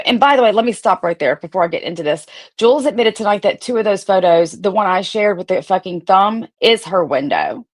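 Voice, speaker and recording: A woman's voice: medium pitch, lively intonation, fairly quick, few pauses. A woman in her thirties, a streamer, reading out old text messages in a blunt, profane, sarcastic rant. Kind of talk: casual ranting commentary.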